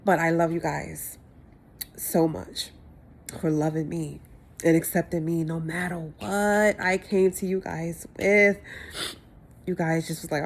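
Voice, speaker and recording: A woman's voice: low voice, level tone, takes it slowly. A woman talking in a heartfelt personal vlog, emotional and repetitive as she thanks her family. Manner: emotional, repetitive, tearing up at times. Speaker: vlogger.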